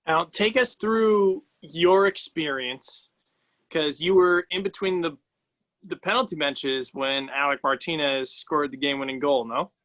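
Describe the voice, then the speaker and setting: A man's voice: fairly high pitch, measured pace, a bit bright, low-quality recording. A young man hosting a sports podcast, asking questions in a chatty, eager way. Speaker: podcast host. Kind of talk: casual interview questions.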